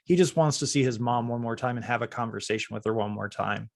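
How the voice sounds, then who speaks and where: A man's voice: mid-range voice, fast, creaky, no room sound, clean studio sound. A man hosting a podcast, speaking in an earnest, reflective casual way. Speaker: podcast host. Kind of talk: casual chat.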